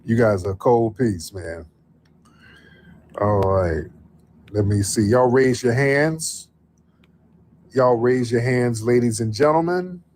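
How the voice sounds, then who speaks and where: A man's voice: mid-range voice, slow, long pauses, darkish tone, slight background noise. Male livestream host taking callers, easygoing drawl, says things twice. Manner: loose, drawling, repeats phrases. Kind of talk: casual call-in livestream chat.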